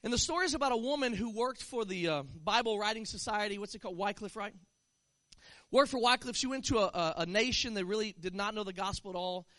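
A man preaching a sermon in an animated way, sometimes rising into shouts. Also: high-pitched, fast, no echo.

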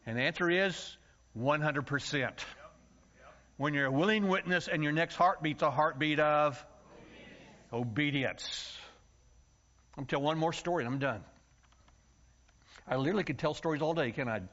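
A man from the United States preaching a story-filled sermon, acting out voices and yelling for comic effect. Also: on the high side, moderate pace, pauses often. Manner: animated, acts out voices and yells for comic effect. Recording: dull lo-fi sound.

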